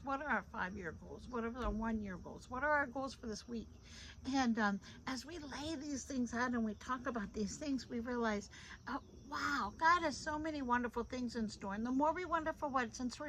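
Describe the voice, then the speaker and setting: A middle-aged woman with a high voice talks informally through a devotional, recorded on a phone. She is lively and repeats phrases for emphasis. A faint hiss sits under her voice. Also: fairly quick, poor audio. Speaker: devotional host.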